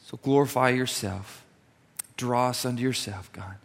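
A young adult man, a pastor, preaching a sermon and telling a story with lively acted-out dialogue. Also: mid-range voice, normal speed, vocal fry. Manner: animated, acts out dialogue in his story. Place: church sanctuary. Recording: long hall reverb.

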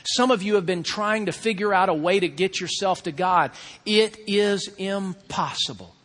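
A male pastor preaching in a fairly high voice. He drops to a hush, then climbs back to loud, urgent lines. A long hall reverb trails behind his words. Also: normal speed. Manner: preaching with big swings from hushed to loud. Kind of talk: sermon.

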